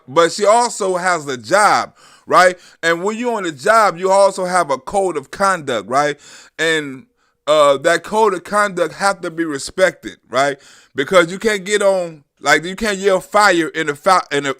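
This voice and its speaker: Male livestream host, bright forceful voice, casual chat-driven commentary. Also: fairly high pitch. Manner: loose and profane, talks to the chat.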